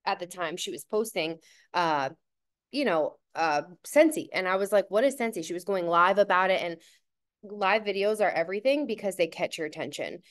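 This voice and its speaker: Smooth-voiced woman in her thirties, chatty. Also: on the low side, expressive, moderate pace, a bit bright. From New Jersey, USA. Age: 30s. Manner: chatty, affectionate, rambling asides. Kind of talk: casual personal introduction. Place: home.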